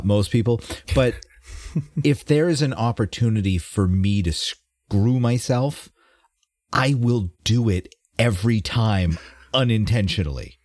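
A man's voice: lowish voice, a little slow, darkish tone, no echo, studio quality. A man co-hosting a casual podcast, rambling and self-mocking. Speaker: podcast co-host. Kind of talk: casual chat.

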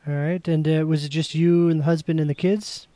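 A man playing a police officer in a tabletop game, asking halting questions. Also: on the high side, flat delivery, mellow, no echo. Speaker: player.

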